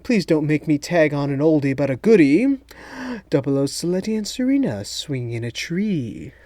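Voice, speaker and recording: A man voicing a gloating, theatrical male villain mastermind in a storybook reading, in a high, loud, drawn-out sneering voice. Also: sing-song, no room sound. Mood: taunting.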